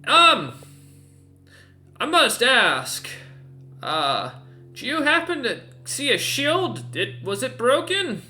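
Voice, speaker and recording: A man's voice: very high-pitched, big pitch swings, takes it slowly, pauses often, sharp tone, voice pushed up, full character voice. A man voicing a large, polite male ogre adventurer who speaks hesitantly and asks lots of questions. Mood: curious.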